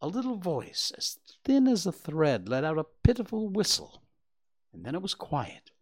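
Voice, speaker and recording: A man reading a children's story aloud with expressive, gentle narration. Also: a little high, normal speed, breathy edge.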